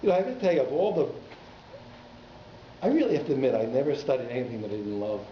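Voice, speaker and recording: In a synagogue hall, a rabbi gives an informal Torah class to his congregation, speaking conversationally with teasing asides to the audience. His voice is medium-pitched and expressive, and he talks fast. The hall is echoey, and the recording is slightly muffled with a little hiss or hum.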